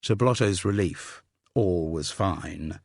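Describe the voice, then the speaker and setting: A man narrating an audiobook in a measured, wry storytelling manner, with a slightly breathy voice. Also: low-pitched, dry recording. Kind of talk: scripted narration. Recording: dry close studio sound.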